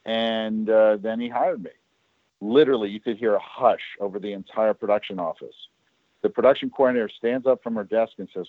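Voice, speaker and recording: A man's voice: fairly low pitch, a little fast, dry recording. A man telling stories from his career in a casual chat, acting out the lines of the people in them. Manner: animated storyteller who acts out other people's lines. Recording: tinny phone-like line, dry.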